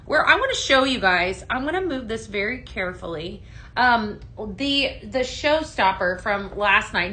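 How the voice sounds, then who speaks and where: A woman's voice: medium pitch, animated, a little slow, bright, forceful tone. A woman hosting a live-stream product demo, chatting and greeting viewers by name. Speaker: live shopping host.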